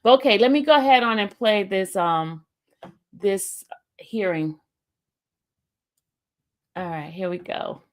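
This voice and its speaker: A woman hosting a casual livestream, talking haltingly with many fillers and restarts. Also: mid-range voice. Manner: gushing and excited when greeting a viewer. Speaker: YouTube livestream host.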